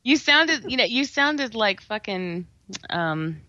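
A woman's voice: a little high, sing-song, takes it slowly, pushed and bright, no room sound, highs cut off. A woman chatting on a podcast, giggly and blunt, swearing casually. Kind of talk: casual chat.

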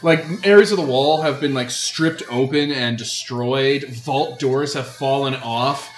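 A man acting as game master for a tabletop role-playing game narrates scenes descriptively, leaning heavily on fillers. His mid-range voice keeps a measured pace, and the roomy recording carries faint music.

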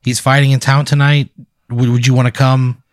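A man voicing a slim male boxing manager who talks in a smooth, salesy, businesslike way. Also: medium pitch, level tone, normal speed, no room sound, studio quality, pitched above the performer's own voice, close to an everyday voice.

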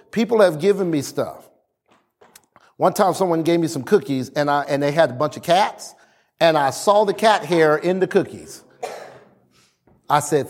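A man preaching as a pastor, slowing for emphasis and acting out family scenes. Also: high voice. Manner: lively preaching, slows for emphasis, acts out family dialogue. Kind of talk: sermon.

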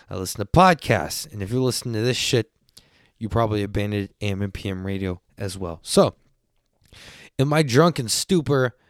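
A man's voice: lowish voice, no room sound, clean studio sound. A man past his twenties hosting a podcast, telling a story in a loose, rambling way, full of swearing and asides. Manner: animated when quoting others. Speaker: podcast host. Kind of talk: casual storytelling.

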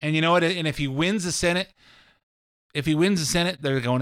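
A man's voice: on the high side, normal speed, a bit bright, clean tone. A middle-aged man hosting a show, talking through an opinionated monologue in a blunt, ranting way that often repeats itself. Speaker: show host.

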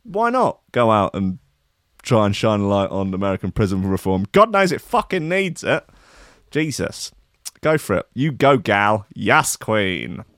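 A man's voice: fairly low pitch, very animated, moderate pace, a bit bright, no echo. Rambling sardonic man, dry sound. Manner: rambling, sardonic, sweary, self-mocking. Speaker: comedian host. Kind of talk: comic news riff.

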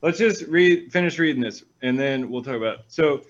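A man, a pastor, reading scripture aloud and breaking off into energetic, animated stories with quick asides. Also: medium pitch, dull audio. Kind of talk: reading scripture and preaching in a talk show.

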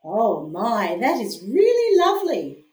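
A woman's voice: fairly high pitch, wildly swooping pitch, unhurried, a little mellow. A woman hosting a podcast, chatty and laughing, rambling through asides, a little hungover. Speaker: podcast host and storyteller. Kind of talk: casual chat. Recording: echoey room.

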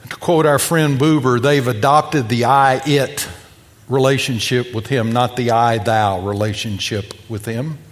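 A man preaching a sermon, telling a gospel story and acting out its voices, moving between loud and hushed. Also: medium pitch. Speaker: pastor. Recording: long reverb of a hall.

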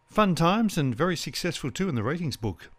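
A man's voice: on the high side, very animated, fairly quick, fairly bright tone. A man hosting a podcast reads a scripted link into the next part of a guest's career. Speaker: podcast host. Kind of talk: scripted narration.

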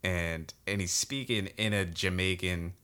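Deep-voiced man on a podcast. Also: fairly even intonation, measured pace, pushed and bright, clean tone. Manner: laid-back, asks rhetorical questions. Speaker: podcast co-host. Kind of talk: casual chat.

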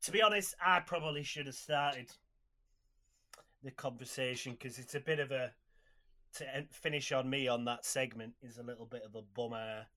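A man's voice: medium pitch, normal speed, bright, forceful tone. A man co-hosting a comedy podcast, rambling and self-deprecating in casual chat. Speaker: podcast co-host.

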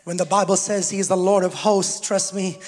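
A man preaching a sermon to a congregation, swinging between shouted exhortation and quiet teaching, and joking with the people in front of him. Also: high-pitched, flat delivery, normal speed. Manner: jokes with the congregation. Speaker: pastor. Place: church hall with congregation. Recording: long church hall reverb.

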